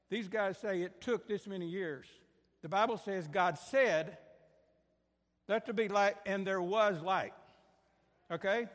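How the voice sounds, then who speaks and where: A man's voice: sits high, big-room sound. A man leading a prayer and preaching a sermon, telling a story in a folksy way with many fillers and restarts. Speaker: pastor. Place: church sanctuary.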